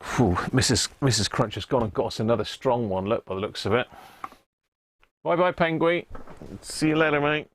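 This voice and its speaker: A man's voice: mid-range voice, moderate pace, fairly bright tone. A man hosting a casual live stream about restoring an old radio, chatty and greeting viewers by name as he works.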